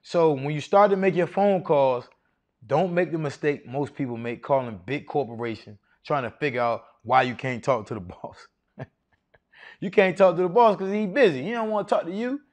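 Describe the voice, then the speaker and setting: Male speaker, middle-aged, slightly high voice, preacherly seminar coach who quizzes the room. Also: moderate pace. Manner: animated, preacherly, quizzing the crowd with questions. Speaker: masterclass speaker on federal contracting. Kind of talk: live seminar talk to an audience.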